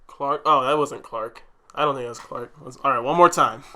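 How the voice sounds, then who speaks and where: A man's voice: mid-range voice, moderate pace, bright, forceful tone, slight background noise. A young man co-hosting a podcast, rambling and laughing often in casual banter. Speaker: podcast co-host.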